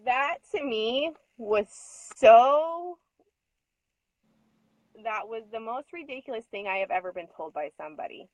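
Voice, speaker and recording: A woman's voice: a little high, animated, measured pace, no room sound, dull audio. A woman in casual conversation, recounting a conference incident in a hesitant, filler-heavy way, audibly upset and near tears at times.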